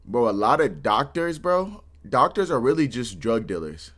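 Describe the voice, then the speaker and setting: A man's voice: medium pitch, sing-song, moderate pace, fairly bright tone. A man hosting a reaction video, talking casually with lots of slang and restarts.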